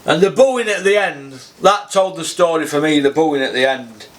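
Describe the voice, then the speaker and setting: A man's voice: on the high side, moderate pace. A man ranting about boxing, blunt and sweary, throwing in tag questions. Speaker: boxing commentator. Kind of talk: ranting commentary.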